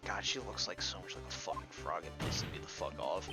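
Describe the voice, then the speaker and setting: A man's voice: low voice, brisk, few pauses, music in the background. A young man giving casual game playthrough commentary with crude, irritated asides. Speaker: gamer.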